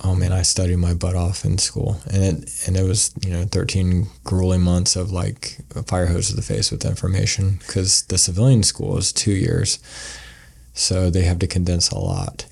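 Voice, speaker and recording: A man's voice: sits low, normal speed, creaky, darkish tone, breathy edge. A man, a podcast guest, telling a story in a casual, rambling way and acting out the quoted lines. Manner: rambling, acts out quoted dialogue.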